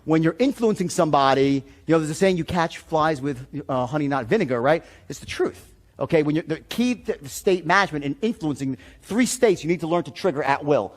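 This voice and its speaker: A man giving a seminar talk as a sales trainer, telling stories in an animated, profane way. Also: a little high, fairly quick.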